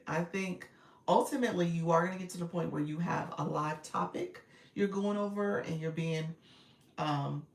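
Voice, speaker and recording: A woman live-streaming coach giving casual advice and answering viewer comments as she goes. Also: low voice. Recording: roomy echo, distant from mic.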